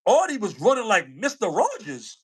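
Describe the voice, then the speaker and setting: A man's voice: sits high, wildly swooping pitch, normal speed, breathy edge. A man co-hosting a casual livestream chat, slangy, repeating himself and laughing often. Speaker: co-host.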